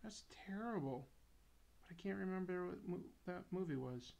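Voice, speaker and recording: A man's voice: high voice, brisk, gravelly, a little mellow, lo-fi sound. A man hosting a comics livestream, joking casually and reading viewer comments aloud while he draws. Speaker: comics YouTube host.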